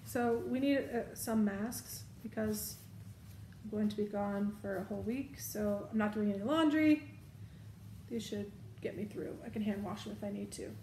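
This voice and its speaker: A woman's voice: mid-range voice, reverberant, slight background noise. A woman chatting casually as she packs her bag, thinking aloud. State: has the hiccups. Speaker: vlogger. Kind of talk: casual show-and-tell.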